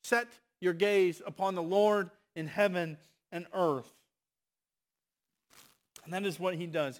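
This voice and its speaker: A man preaching a sermon, moving between loud, impassioned exhortation and hushed, quiet asides. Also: on the high side.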